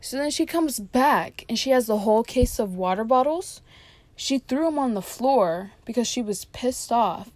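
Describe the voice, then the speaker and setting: A woman's voice: a little high, expressive, moderate pace, darkish tone, no echo. Chatty young woman telling a story. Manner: chatty, lots of "like" fillers, quoting coworkers. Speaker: fast-food worker telling a work story. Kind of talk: casual storytelling vlog.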